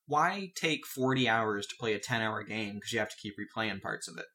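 A man's voice: on the low side, expressive, brisk, pushed and bright. A man in casual podcast chat, joking and wry. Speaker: podcast co-host.

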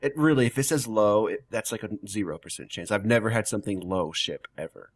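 Low-voiced joking man. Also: fairly quick. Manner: joking, laughs often, mimics accents. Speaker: podcast co-host. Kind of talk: casual chat.

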